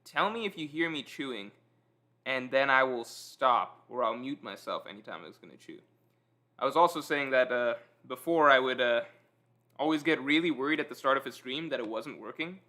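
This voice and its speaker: Eating while he streams, a man chats casually and self-deprecatingly with his live viewers and reads out their chat comments. His mid-range voice is brisk, and his manner is relaxed.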